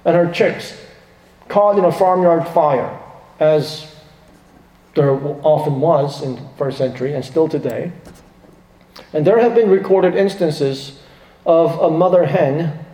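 A man's voice: on the high side, warm tone. A man preaching a sermon, turning dramatic and emphatic when he quotes laments. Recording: echoey, reverberant hall.

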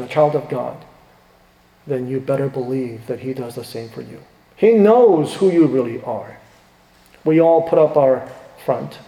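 A middle-aged man, a pastor, preaching a sermon with emphatic swings between hushed and rising delivery. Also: medium pitch. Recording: echoey hall with long reverb.

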